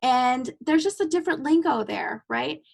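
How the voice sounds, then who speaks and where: A woman's voice: sits high, expressive, moderate pace, gravelly. A woman host and clinician in a casual podcast conversation, a chatty storyteller who laughs easily.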